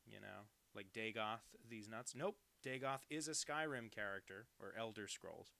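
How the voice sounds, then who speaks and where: A man's voice: lowish voice, normal speed, vocal fry, bright, forceful tone. A young man in his twenties, a cartoonist on a live stream, chatting casually and self-deprecatingly while he draws and reads out viewers' messages.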